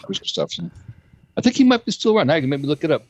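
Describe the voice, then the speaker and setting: A man's voice: fairly high pitch, very animated, rapid-fire. A man co-hosting a podcast in casual chat, stammering and repeating words, laughing often.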